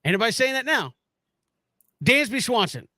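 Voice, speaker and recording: A man co-hosting a casual sports talk show, animated, often stumbling and restarting as he argues his point. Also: extremely high pitch, moderate pace, no echo. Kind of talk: casual sports radio chat.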